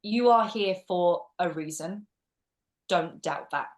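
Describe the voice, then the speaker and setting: A woman with an Essex accent, a drama teacher giving quick, chatty answers in an interview and laughing easily. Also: fairly low pitch, a little mellow. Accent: Essex English. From England. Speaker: guest, drama teacher and actress. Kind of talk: casual interview chat.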